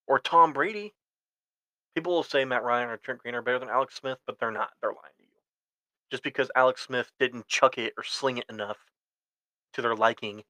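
Solo podcast host, man with a bright forceful voice, rambles and corrects himself, dry close mic. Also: mid-range voice, no room sound, poor audio. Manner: rambling, self-correcting, opinionated fan talk. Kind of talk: solo sports podcast monologue.

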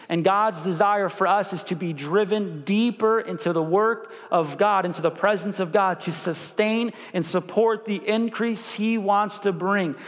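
A man preaching a sermon as pastor, animated, with call-and-response prompts to the congregation. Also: high-pitched, in a large hall. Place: church sanctuary.

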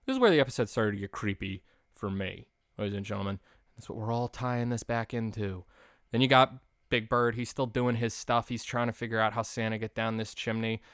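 Male podcast host, late twenties, low-pitched, dry close sound, casual chatty recap voice. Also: fairly quick, clear, resonant tone, no room sound. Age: late 20s. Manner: chatty, animated storyteller. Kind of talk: casual recap of a holiday special.

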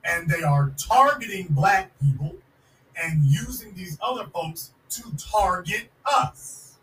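A man's voice: high-pitched, lively intonation, slow pace, a bit bright, echoey room, distant mic, low-quality recording. A man hosting a podcast, giving a fiery, sarcastic political commentary monologue and hammering points home by repeating them. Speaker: podcast host.

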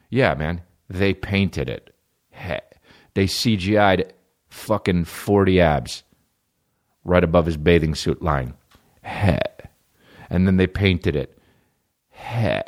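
A man's voice: sits low, slow, long pauses. A young man hosting a podcast, riffing profanely in casual comedic chat and jumping into silly voices. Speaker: podcast host.

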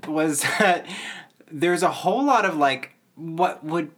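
A woman co-hosting a podcast in casual chat, chatty and quick to laugh. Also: low-pitched, animated. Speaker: podcast co-host.

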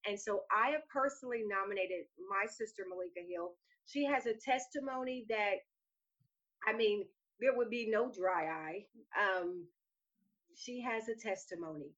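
A woman's voice: medium pitch, normal speed, fairly bright tone. Woman preacher-host, prays hard then chats easy, muffled lo-fi audio. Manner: fervent, repeats "oh God" while praying. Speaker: ministry host. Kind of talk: prayer and casual show hosting. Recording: dull lo-fi sound.

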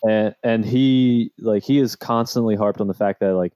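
A man's voice: fairly low pitch, fairly even intonation, normal speed, dark tone, clean tone, no echo. A man from the American Midwest, a podcast host chatting casually with easygoing, joking banter. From Midwest United States. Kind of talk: casual chat.

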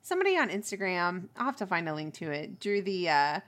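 A woman's voice: lowish voice, sing-song, fairly quick, fairly bright tone. A woman co-hosting a casual chat who teaches by day, teasing and acting out quoted voices. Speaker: podcast co-host, teacher.

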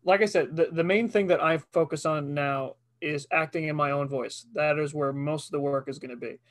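A man's voice: fairly high pitch, moderate pace, a bit bright. A man who is a voice actor, a guest in a casual podcast chat, talking earnestly from experience.

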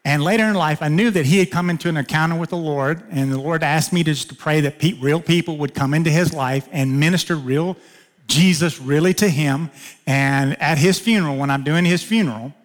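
Weaving a personal anecdote into his sermon, a pastor speaks from the pulpit a little fast, in a big-room acoustic. He dramatizes the dialogue, his voice jumping sharply higher for his own protests and sinking low and hushed for the quieter lines.

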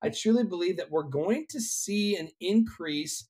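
A young adult man, a worship leader, telling an earnest, animated personal story in a relaxed conversation. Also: high-pitched, measured pace.

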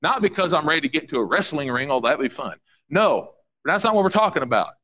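Fervent preaching man, lively high voice. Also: quick pace. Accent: Midwestern US. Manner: fervent, repetitive preaching with sudden asides. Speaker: pastor. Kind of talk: sermon.

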